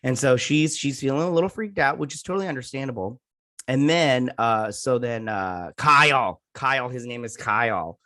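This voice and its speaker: A man's voice: medium pitch, normal speed, pushed and bright. Rambling, filler-heavy male TV reviewer. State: sore throat. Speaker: YouTube TV review host. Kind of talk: casual episode breakdown and review.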